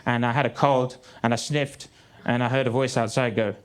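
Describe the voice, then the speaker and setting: A man in his thirties doing a stand-up comedy set on a theatre stage, with a dry, deadpan delivery. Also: mid-range voice, normal speed. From England. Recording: live theatre with crowd laughter. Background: audience laughter.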